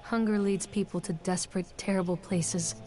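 A woman's voice: fairly low pitch, fairly even intonation, normal speed, close to an everyday voice. An actress playing a mother in a game, speaking a wistful, reflective monologue. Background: music.

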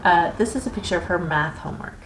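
A woman's voice: lowish voice, quick pace, reverberant, a little hiss or hum, low-quality recording. A middle-aged American woman hosting a casual chat, explaining words patiently in an easygoing way. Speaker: host.

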